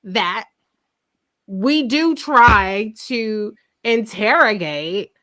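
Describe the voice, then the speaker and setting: A young adult woman hosting a casual TV recap chat, telling stories in an animated, profane way. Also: mid-range voice, drawn-out words. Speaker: podcast host.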